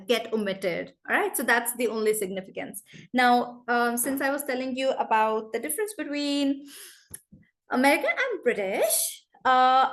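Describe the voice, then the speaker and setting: Brisk, chatty woman teaching an online class. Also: on the high side, fairly bright tone. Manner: chatty, brisk, addresses students by name. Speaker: English teacher. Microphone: video call.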